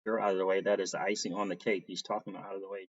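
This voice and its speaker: Male streamer, relaxed chatty host voice, slightly muffled home-mic audio. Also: low voice, very fast. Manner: reads out viewer names and greets them, laughs often. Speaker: crypto livestream host. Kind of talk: casual livestream chat.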